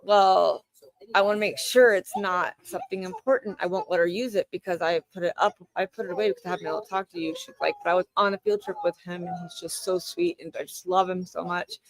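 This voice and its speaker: Gravelly-voiced woman telling a rambling story. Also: on the low side, fairly even intonation, fast talker, rough recording. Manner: rambling anecdote told with quoted back-and-forth dialogue. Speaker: livestream host. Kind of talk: casual storytelling chat.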